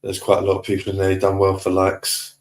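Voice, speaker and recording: On a live stream, a man chats casually, reading viewer comments aloud and giving relaxed shout-outs. His voice is low-pitched and he talks fast.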